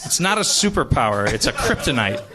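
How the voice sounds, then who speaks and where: A man's voice: medium pitch, very animated, brisk, heavy background noise. A slightly tipsy man hosting a live comedy podcast, rambling and restarting mid-thought. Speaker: podcast host.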